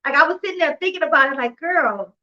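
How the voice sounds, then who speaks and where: A woman hosting a couponing live stream, telling a story in a chatty, animated way, acting out the dialogue and laughing often. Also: sits high, racing, lo-fi sound. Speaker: couponing livestream host. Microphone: phone or computer mic on a live stream.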